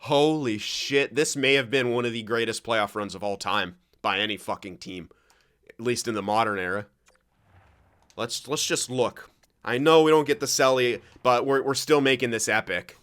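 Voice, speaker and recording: Brief: young male gamer commentator, bright clear voice, hype then grumpy, lots of cursing. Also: medium pitch, moderate pace. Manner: excitable, swears often, swings between shouting and grumbling. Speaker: gaming commentator. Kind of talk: live game commentary.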